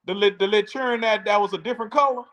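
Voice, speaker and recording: A man's voice: high voice, fast, a bit bright, muffled recording. A man co-hosting a sports podcast, bantering and repeating his points in playful trash talk. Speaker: podcast co-host.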